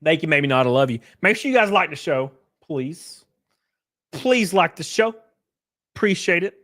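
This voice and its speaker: Higher-voiced man ranting on a livestream. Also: expressive, normal speed. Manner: profane, rambling, chuckling often; swings between loud bursts and quiet mutters. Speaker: streamer hosting his own show. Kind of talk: casual livestream rant.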